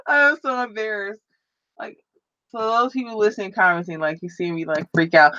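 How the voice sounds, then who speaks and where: A woman's voice: mid-range voice, animated, moderate pace, fairly bright tone, no echo, lo-fi sound. A woman chatting on a live stream in a rambling, flustered way, often laughing at herself. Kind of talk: casual live-stream chat. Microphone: computer microphone.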